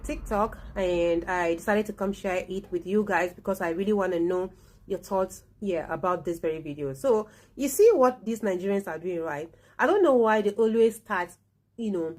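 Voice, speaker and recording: A woman's voice: medium pitch, darkish tone. A woman hosting her channel, chatting indignantly to viewers in a casual reaction video. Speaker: channel host.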